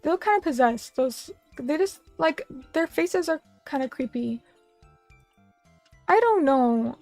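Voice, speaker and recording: Faint music plays behind this vtuber streamer, a young woman at a little table in a small room. Her high voice has a lively, unhurried intonation and a darkish tone as she rambles through viewer comments and chats casually, often self-deprecating.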